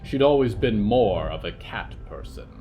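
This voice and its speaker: A man narrating scripted horror fiction in a measured, steady way. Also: lowish voice. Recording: soft music bed under narration.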